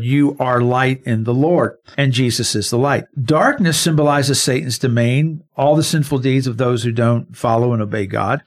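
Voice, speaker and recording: Man, Bible study co-host, explanatory, stresses key words, conversational. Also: mid-range voice. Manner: explanatory, emphasizes single words when unpacking verses.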